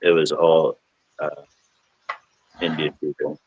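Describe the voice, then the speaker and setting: A man's voice: extremely low pitch, flat delivery, slow, slightly rough, no echo, dull audio. A man, co-hosting a podcast in rambling casual chat. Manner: rambling, laughs often. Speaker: podcast co-host.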